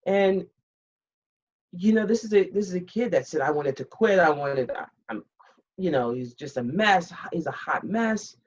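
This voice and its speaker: A woman's voice: on the low side, moderate pace. A woman in her fifties, a retired military pilot, candidly telling a story on a podcast and acting out the dialogue. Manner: candid and blunt, animated retelling with quoted dialogue. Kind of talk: casual interview storytelling. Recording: slightly muffled, dull recording.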